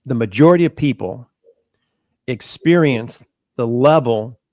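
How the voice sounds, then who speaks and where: A man's voice: mid-range voice, measured pace, darkish tone, no room sound. Earnest middle-aged man, dry close sound. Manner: earnest, repeats and restarts words. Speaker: podcast host. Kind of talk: candid personal conversation.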